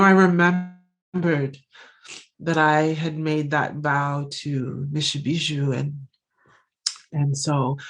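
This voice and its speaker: A woman giving a lecture, telling a personal story in an earnest, reflective way, pausing often and restarting her phrases. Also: low voice, gravelly. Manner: reflective, halting, with frequent pauses and restarts; earnest, heartfelt. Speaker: visiting scholar giving a lecture.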